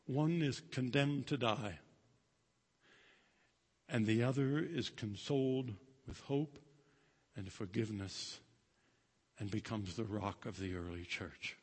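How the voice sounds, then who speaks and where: A male pastor preaching a sermon and telling a story dramatically, swinging between loud and hushed. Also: on the low side, slow pace, pauses often, husky. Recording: long reverb of a large hall.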